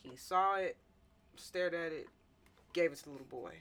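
A woman's voice: low voice, normal speed, background noise. A woman hosting a podcast, chatting casually and laughing often as she tells stories. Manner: animated, laughs often, repeats words. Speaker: podcast host. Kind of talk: casual chat.

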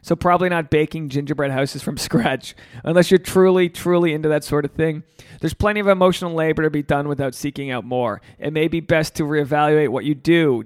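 A man's voice: on the high side, no echo, studio quality. A man hosting a solo podcast, rambling and joking with plenty of swearing. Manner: profane, rambling, jokey. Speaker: podcast host.

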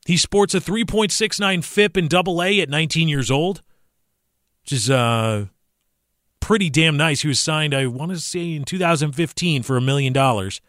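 A young adult man hosting a casual sports podcast, animated, sometimes slipping into mock commentator voices. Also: a little high, moderate pace, no room sound, clean studio sound. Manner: animated, mimics commentators in a raised voice. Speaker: podcast host.

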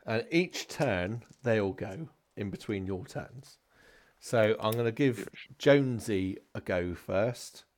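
Laid-back game master, low voice. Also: male voice, lively intonation, takes it slowly. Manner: laid-back, chatty, laughs often. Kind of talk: running a tabletop game online.

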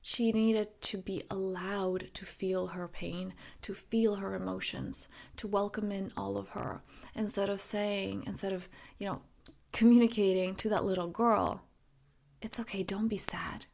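A woman in her thirties hosting her own podcast, talking reflectively and softly, often dropping close to a whisper. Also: mid-range voice, level tone, unhurried, vocal fry. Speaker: podcast host and coach. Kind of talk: reflective solo podcast talk.

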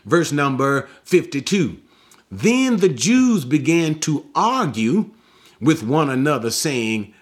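Emphatic, slow-paced male bible teacher. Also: medium pitch, big pitch swings. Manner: emphatic, repeats key words, asks rhetorical questions.

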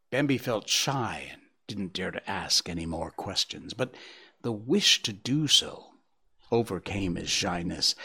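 A man narrating a storybook in a hushed, expressive reading that dips into near whispers. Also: low-pitched, a little slow, husky.

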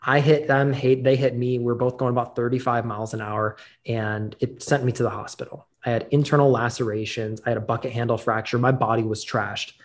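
Young man in his twenties, mid-pitched, casual storyteller, goes quiet and low in heavy moments. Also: flat delivery, a little fast, few pauses. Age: 20s. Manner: casual, many "like"s, drops to quiet low tones in the heavy parts. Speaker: speaker telling a personal story. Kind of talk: storytelling talk.

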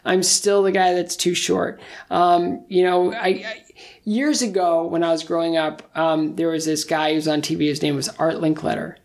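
A man's voice: a little high, little pitch movement, normal speed, vocal fry. A middle-aged man, a guest in an interview, telling stories with self-deprecating humor. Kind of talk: casual interview storytelling.

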